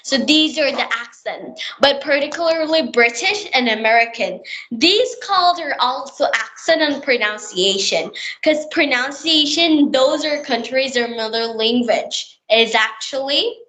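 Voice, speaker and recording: Woman host, slightly high voice, explains at length in a casual practice chat. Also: lively intonation, unhurried, bright, forceful tone. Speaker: podcast host. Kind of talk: conversational English practice chat.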